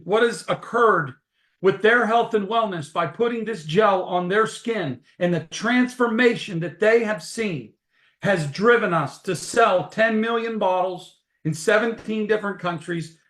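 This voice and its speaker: A man leading a network marketing webinar, telling his story in an energetic, folksy way over a computer mic on a video call. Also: high voice, reverberant.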